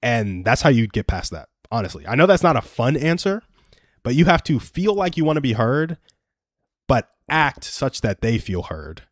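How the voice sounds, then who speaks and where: A man's voice: mid-range voice, sing-song, moderate pace, no echo, studio quality. A young adult man hosting a live stream, giving earnest, self-deprecating advice through personal stories in a casual chat.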